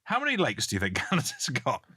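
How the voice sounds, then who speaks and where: A man's voice: mid-range voice, huge pitch swings, fast, sharp tone, no room sound, clean studio sound. A British man co-hosting a podcast in casual chat, joking and reading out listener messages. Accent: British English. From Britain. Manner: jokey, reads listener messages aloud. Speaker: podcast co-host. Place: Canada.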